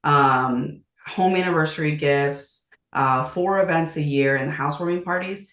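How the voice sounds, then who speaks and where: A woman in her thirties talks as a podcast guest, brisk and casual. She laughs easily, and her voice rings in an echoey room. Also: low voice, fairly bright tone. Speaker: guest, real estate agent. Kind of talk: casual interview chat.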